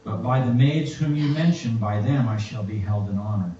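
A man preaching a sermon and reading scripture aloud in a slow, reflective way. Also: on the low side, warm tone, slight background noise. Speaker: pastor. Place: church. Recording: echoey, distant, muffled church recording.

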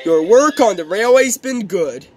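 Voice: medium pitch, animated, a little slow, a little mellow, faint music behind, pitched above the performer's own voice, lightly acted. A reader doing a firm, stout railway boss. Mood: reassuring.

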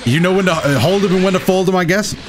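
A young man giving excitable, self-mocking live commentary while playing a fighting game. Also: high voice, fast talker, noisy background. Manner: excitable, self-mocking, shouts at big plays. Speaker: gaming YouTuber. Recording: game music playing behind. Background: game music.

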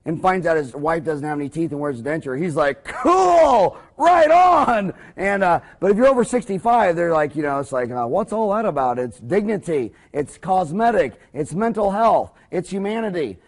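Animated, joking man giving a dental lecture. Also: fairly high pitch, brisk, few pauses. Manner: animated, joking, rambling storyteller. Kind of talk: business lecture for dentists.

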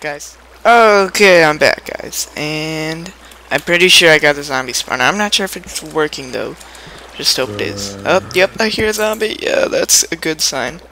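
A man's voice: on the high side, gravelly, pushed and bright, a little hiss or hum, low-quality recording. A young man giving a casual, rambling gameplay tutorial, playful and chatty, humming little sound effects as he builds.

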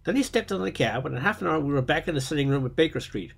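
A man reading a story aloud, steady, with occasional small slips. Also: fairly high pitch, rapid-fire, vocal fry, slightly rough. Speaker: reader.

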